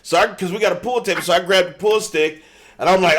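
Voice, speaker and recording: A man hosting a games podcast, telling stories in an animated, laughing way and swearing freely. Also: high voice, a little fast, creaky. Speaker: podcast host. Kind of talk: casual chat.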